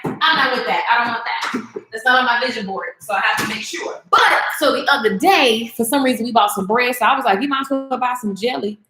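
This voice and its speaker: A woman's voice: a little high, brisk, roomy sound, noisy background. A woman chatting casually to her viewers while she cooks in her kitchen, calling them y'all. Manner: chatty, talks to viewers as y'all, Southern slang. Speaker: vlogger and business coach. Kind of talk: casual chat while cooking. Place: home kitchen.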